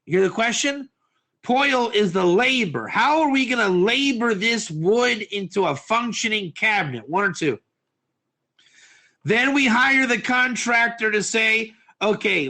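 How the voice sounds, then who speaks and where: A man teaching a lively class, constantly quizzing his listeners and mixing Hebrew terms into his English. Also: high-pitched. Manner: animated, quizzes listeners, asks for answers. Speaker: Torah teacher.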